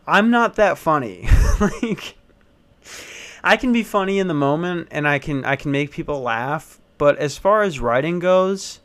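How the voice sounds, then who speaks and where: A man's voice: on the high side, expressive, a little slow, a bit bright. A young man, an aspiring stand-up comedian, rambling through a crude, darkly self-deprecating comic monologue.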